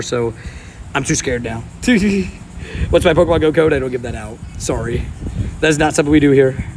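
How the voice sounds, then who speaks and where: Man, outdoor livestream, casual chat, slightly high pitch, faint ambient noise. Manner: laughs often, talks to chat. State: sweaty and hot. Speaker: streamer. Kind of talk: casual live-stream chat. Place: outdoors at a park by water.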